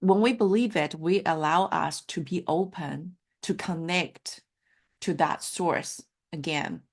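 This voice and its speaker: A woman's voice: sits low, takes it slowly. A woman who speaks English as a second language after Mandarin, giving a heartfelt, encouraging live coaching talk over a video call, with frequent fillers. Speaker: life coach. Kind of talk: live online coaching session.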